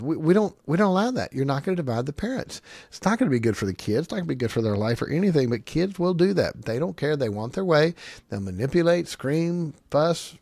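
A middle-aged man preaching about parenting, emphatic and acting out quick exchanges between kids and parents. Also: on the high side, darkish tone, no room sound. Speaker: family advice speaker.

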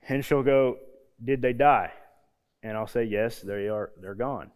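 A man in his thirties, a youth pastor, preaching a casual sermon with homey stories and quiet, low emphasis on key points. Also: a little slow, smooth. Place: church hall. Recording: long hall reverb.

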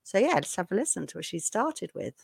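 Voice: medium pitch, very animated, brisk, gravelly, a little hiss or hum. A podcast host from England in a casual chat, enthusiastic and emphatic.

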